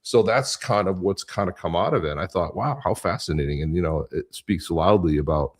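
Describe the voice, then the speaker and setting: Low-voiced American man telling stories. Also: fairly quick. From United States. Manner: rambling storyteller, acts out quoted voices, laughs often. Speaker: co-host. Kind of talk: casual chat.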